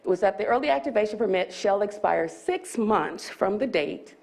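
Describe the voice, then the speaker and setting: A county staffer's voice, medium in pitch, expressive, creaky and darkish, moves at a normal speed during a public board meeting. Somewhat breathless, she lays out ordinance rules and reads the legal text aloud with minor restarts.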